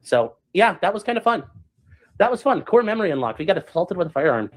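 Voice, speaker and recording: A man streaming, telling a story to his chat in a rambling, animated way, full of fillers and acted-out quotes. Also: high voice, fast. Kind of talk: casual storytelling to a live chat.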